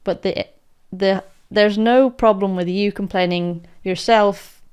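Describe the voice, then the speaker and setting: A woman's voice: medium pitch, steady tone, slow, darkish tone, smooth. A woman chatting on a podcast, explaining her view in an earnest, thoughtful way. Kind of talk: casual podcast chat.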